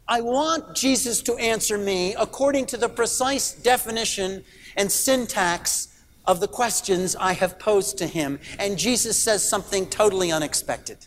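A man's voice: sits high, moderate pace, in a large hall. A middle-aged man preaching a sermon in a church, earnest and emphatic, posing rhetorical questions. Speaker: pastor.

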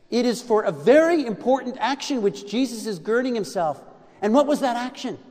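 A man delivers a dramatic sermon. His high voice leaps and falls with lively range, and he swings from loud stresses to near-whispers. Long reverb from a church hall trails every word. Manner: dramatic preaching, swinging from loud emphasis to hushed lows. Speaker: preacher.

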